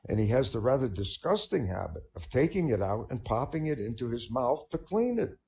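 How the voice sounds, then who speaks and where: A man tells groan-worthy jokes as stand-up and laughs along at his own punchlines. His voice is gravelly and swings up and down lively. The sound comes through dull and lo-fi, like an online voice chat. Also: medium pitch, brisk. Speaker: comedian. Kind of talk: stand-up joke telling.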